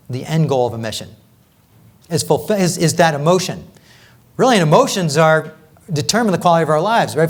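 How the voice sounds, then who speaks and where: Energetic male coach, higher voice. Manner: energetic, conversational, keeps asking "right?"; repeats and restarts phrases for emphasis. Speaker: executive coach leading a workshop. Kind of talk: live workshop presentation.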